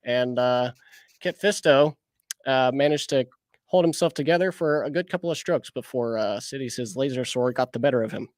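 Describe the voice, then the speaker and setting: A man's voice: mid-range voice, moderate pace, dry recording, lightly acted. A man putting on a nerdy, mock-formal voice to lecture on lore. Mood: lecturing.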